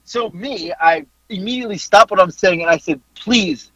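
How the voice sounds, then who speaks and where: A man's voice: high-pitched, fairly quick, dry recording, highs cut off. A man hosting a podcast, telling a story in a casual chat. He swears freely and keeps breaking into laughter. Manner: animated, profane, laughing through his story. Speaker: podcast host.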